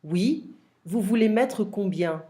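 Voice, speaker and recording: A woman's voice: medium pitch, lively intonation, takes it slowly, dark tone. A woman voicing a courteous, helpful saleswoman in a textbook shop dialogue.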